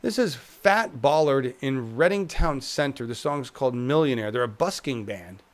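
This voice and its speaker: A man's voice: mid-range voice, lively intonation, normal speed. A man hosting a casual livestream chat show, talking in a rambling, chuckling, self-deprecating way. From United States. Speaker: host.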